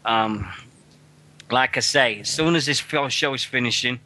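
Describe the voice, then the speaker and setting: A man from Sheffield with a Sheffield accent, hosting a casual radio chat, excitable and swearing freely. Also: medium pitch, a little slow. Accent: Sheffield English. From Sheffield, England. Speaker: radio show host. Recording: internet radio show.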